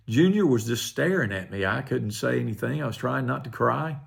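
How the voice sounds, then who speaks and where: Older male pastor, gravelly, earnest testimony. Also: medium pitch, animated, fairly quick, hardly any pauses. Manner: earnest, quietly emotional storytelling. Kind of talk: personal testimony.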